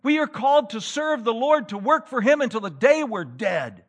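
A man preaching a sermon in a church, with animated delivery that rises to loud, emphatic peaks. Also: extremely high pitch, moderate pace. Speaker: pastor.

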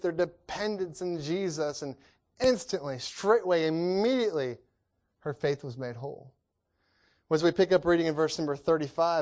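Earnest preacher with rising, repeated emphasis. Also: male voice. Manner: earnest, repetitive, rhetorical questions, frequent restarts; swings between loud emphasis and hushed lows. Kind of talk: sermon.

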